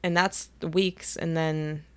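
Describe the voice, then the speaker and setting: A woman's voice: deep voice, level tone, takes it slowly, smooth. A young woman co-hosting a podcast in casual chat, gushing like a fangirl and laughing often. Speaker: podcast co-host.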